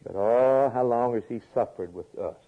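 A man preaching a sermon, repeating phrases and swinging from emphatic peaks to quiet low lines. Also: moderate pace. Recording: tinny phone-like lo-fi recording.

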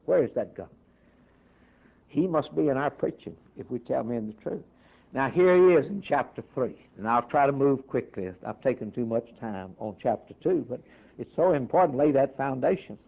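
A man preaching a fervent sermon, leaning hard on slow, stressed lines. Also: medium pitch, animated, gravelly. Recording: dull lo-fi sermon recording.

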